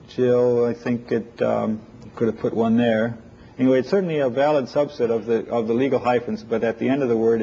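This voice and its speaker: A man's voice: mid-range voice, creaky, warm tone, slight background noise. Man lecturing on a dull old tape. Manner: informal, thinks aloud, takes audience questions. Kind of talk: live technical lecture with on-screen demo. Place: lecture room with audience.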